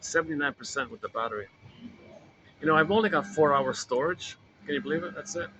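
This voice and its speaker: A man's voice: on the high side, fast, highs cut off, noisy background. A man casually coaching a self-help group, rambling and repeating himself as he explains an exercise. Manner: rambling, repeats words and restarts phrases.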